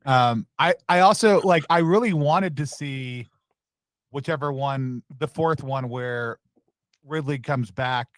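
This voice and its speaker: A man's voice: a little high, measured pace, no room sound. Rambling man on a casual stream. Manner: rambling, lots of fillers and restarts. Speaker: stream co-host. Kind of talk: casual chat.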